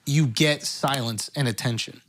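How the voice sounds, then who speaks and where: A man's voice: mid-range voice, a little slow, a bit bright, slight background noise. A man in his thirties hosting a comedy podcast, brash and teasing, firing off rhetorical questions in casual chat. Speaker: podcast host.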